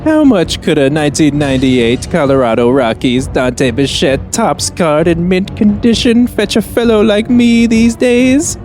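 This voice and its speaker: A man voicing a pompous, scheming male villain in a comedic script reading, drawn-out and mock-polite, over background music. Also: a little high, lively intonation, darkish tone, voice pushed up. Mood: smug.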